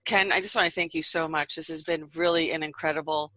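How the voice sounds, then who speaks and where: A woman hosting a casual online interview, thanking her guests in a warm, gushing way. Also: low-pitched, steady tone, fast, a little hiss or hum. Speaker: host.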